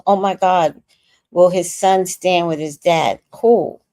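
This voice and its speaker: Chatty tired woman in her sixties, gravelly. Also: fairly low pitch, fairly even intonation, slow, warm tone, no room sound. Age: 60s. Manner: chatty, reacts to viewer comments with laughter and sudden sung bits. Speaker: livestream host reading chat. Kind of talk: casual livestream chat.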